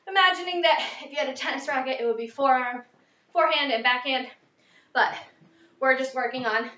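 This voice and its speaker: A woman's voice: sits high, pushed and bright. A young woman leading a workout as a fitness instructor, a little out of breath, counting reps and coaching. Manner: upbeat coaching, counting reps, mid-exercise. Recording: echoey, distant, dull lo-fi.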